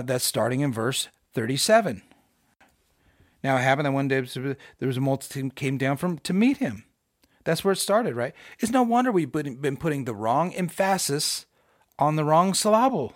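A middle-aged man giving an informal, conversational Bible teaching with emphatic rhetorical questions and bursts of excitement. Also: mid-range voice, dry recording, studio quality. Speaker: podcast host teaching scripture.

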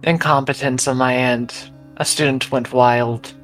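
A woman's voice: rumbling low, steady tone, a little slow, soft background music. A woman voicing a patient male dwarf who has turned cold and furious, speaking in clipped, final sentences. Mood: curt.

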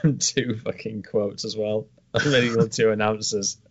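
A man's voice: lowish voice, steady tone, a little slow. A man chatting casually as a podcast co-host, making dry, swear-filled asides. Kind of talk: casual chat. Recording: dull lo-fi sound.

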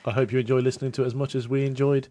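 A man co-hosts a radio podcast, bantering in a playful, giggly way. He speaks at a middling pitch into a close, dry studio mic. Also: flat delivery, very fast, dark tone, no echo. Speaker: podcast co-host. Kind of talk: casual radio chat.

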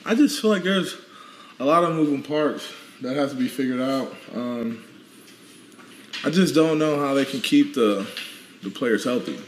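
A man's voice: medium pitch, expressive, a little slow, pauses often, echoey room, a little hiss or hum. A man, a guest athlete, chatting casually on a live stream from home, playfully coaxing his dogs. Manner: playful, calls and coaxes his dogs in rising tones.

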